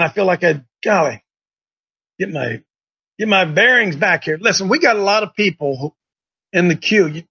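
A man's voice: fairly high pitch, fairly bright tone, breathy edge, no echo. A man hosting a casual live show, talking in a rambling, folksy way that often breaks off mid-sentence. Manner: rambling, folksy, self-interrupting. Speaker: host. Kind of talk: casual livestream chat. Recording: dull lo-fi sound.

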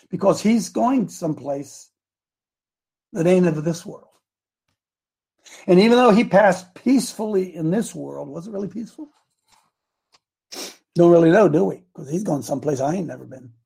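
Husky high-voiced preacher guy, fired up, folksy, shouts the scripture bits. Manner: fervent, rising to shouts on scripture, folksy asides. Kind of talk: sermon.

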